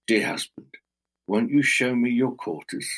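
A man's voice: mid-range voice, unhurried, a bit bright. A man voicing a sly young shepherdess bride in a spoken folk tale, talking in a coaxing, teasing way with a lifted voice.

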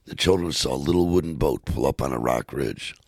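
A man reading a storybook aloud in a measured, steady way. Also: extremely low pitch, no echo, clean studio sound. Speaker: narrator.

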